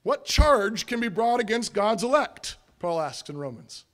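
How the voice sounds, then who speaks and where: A man's voice: sits high, very animated, measured pace. A man preaching a sermon as pastor, emphatic and repetitive, asking rhetorical questions and answering them.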